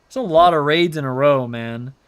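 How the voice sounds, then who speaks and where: While live-streaming a game, a young man rambles casually and playfully, responding to his chat and saying meow now and then. He speaks at a normal speed in a clear, resonant voice on the high side.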